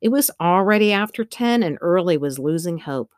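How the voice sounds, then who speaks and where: A woman narrating a children's storybook with steady storytelling. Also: on the low side, moderate pace, no echo, clean studio sound. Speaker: audiobook narrator. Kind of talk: scripted narration.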